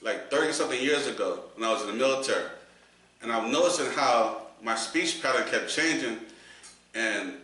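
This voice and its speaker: Bright-voiced New man, echoey room. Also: medium pitch, moderate pace. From New York. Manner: rambling, restarts often. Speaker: podcast host. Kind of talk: casual podcast chat. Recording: echoey room, from a distance, faint noise.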